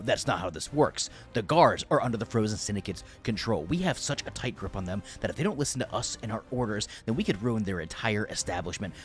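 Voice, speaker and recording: A man voicing a tall, hot-tempered male crime syndicate boss who talks in a blustering, commanding way and slows down for emphasis. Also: fairly low pitch.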